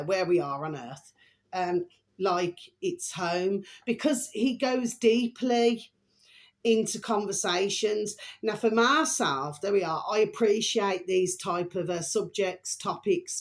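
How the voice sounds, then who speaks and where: A woman hosting her own vlog, talking in a rambling, chatty way, often breaking off to apologize and to repeat a fond pet phrase to her viewers. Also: mid-range voice. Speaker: channel host. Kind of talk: rambling casual vlog chat.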